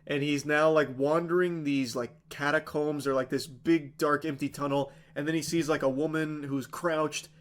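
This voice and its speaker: Male streamer, slightly high voice, sarcastic and fed-up, casual, profane, rambling recap delivery. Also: steady tone, normal speed, hardly any pauses. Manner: sarcastic, exasperated, swears freely; rambling with many fillers like "like".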